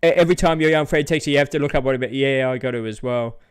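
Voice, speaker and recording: Talking rapid-fire in a smooth voice, a middle-aged Australian man vents on his vlog about how people respond to words. The rant is casual and blunt, punctuated by high put-on voices that mock others.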